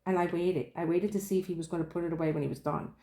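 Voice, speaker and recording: A woman's voice: lowish voice, fairly even intonation, racing, dark tone. A woman vlogging at home about her craft, chatting casually, acting out quoted dialogue and laughing often. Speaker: diamond painting vlogger. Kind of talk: casual storytelling chat. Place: room at home. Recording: roomy home room echo.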